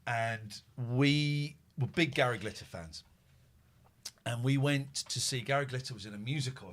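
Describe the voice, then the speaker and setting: A middle-aged man hosting a podcast, telling stories casually and swearing freely. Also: lowish voice. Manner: sweary, animated storyteller; drops to a hushed murmur when tending his pet. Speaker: podcast host. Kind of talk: casual chat.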